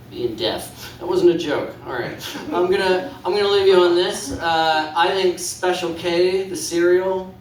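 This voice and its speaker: A man's voice: sits high, a little hiss or hum. Stand-up guy in a club, rambly and unsure, voice swings up and down, echoey and a bit distant. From Canada. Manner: rambling, hesitant, self-deprecating. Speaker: stand-up comedian. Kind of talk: stand-up set. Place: comedy club stage. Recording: echoey room, mic from afar.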